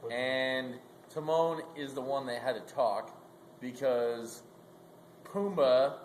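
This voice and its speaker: A man's voice: mid-range voice, slow pace, slight background noise. A young man casually telling a comic story, rambling with lots of "like" and "um". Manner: rambling, full of "like" and "um". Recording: roomy echo, faint ambience.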